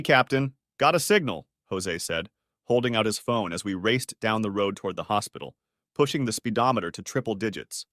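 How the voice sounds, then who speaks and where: A man's voice: fairly low pitch, no echo. Man with a dry, close voice reading a story. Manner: steady storytelling, first person. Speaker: narrator. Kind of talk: scripted audiobook narration.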